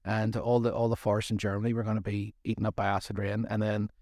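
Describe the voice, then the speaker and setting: A man's voice: lowish voice, completely flat delivery, fast, a little mellow, dry recording, studio quality. A middle-aged man co-hosting a faith study series, talking in a rambling, jokey way with self-deprecating asides. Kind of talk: casual faith discussion.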